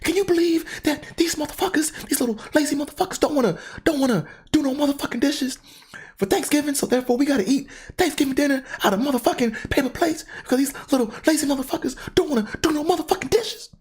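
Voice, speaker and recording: A man's voice: extremely high pitch, fast, pitched above the performer's own voice. A man voicing his exasperated, indignant middle-aged mother, who complains in a raised, profane voice. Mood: furious.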